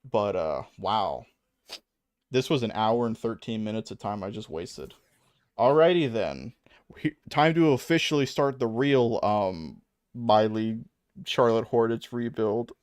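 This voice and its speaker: A man's voice: lowish voice, lively intonation, unhurried, darkish tone, no room sound, studio quality. A young adult man streaming a video game, rambling and self-mocking with a lot of swearing and frequent laughs. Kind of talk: casual gaming stream commentary.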